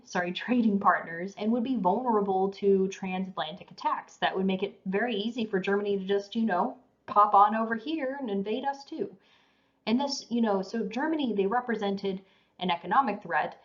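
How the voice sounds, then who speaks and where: A woman giving a history lecture in a casual, conversational way, tired and yawning now and then. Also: medium pitch. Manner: casual, conversational, says you know and um. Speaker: teacher. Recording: dull lo-fi recording.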